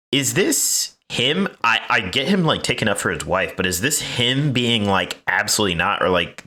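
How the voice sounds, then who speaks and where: A man's voice: lowish voice, animated, a little fast, few pauses, bright, forceful tone. A man co-hosting a podcast, talking in a loose, rambling way, full of "like" fillers. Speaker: podcast co-host. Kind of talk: casual chat.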